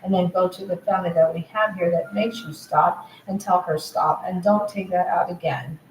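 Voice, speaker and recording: A woman's voice: fairly low pitch, fairly even intonation, moderate pace. Agitated woman rambling in an echoey room. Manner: agitated, repeatedly relaying what others said. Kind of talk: rambling monologue to camera. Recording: roomy echo, faint background noise.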